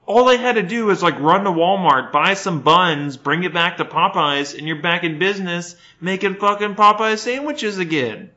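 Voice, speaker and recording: Man from houston, podcast co-host, exasperated swearing rant, bright tense voice, lo-fi audio. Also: sits high, moderate pace, few pauses. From Houston, Texas. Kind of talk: casual podcast banter.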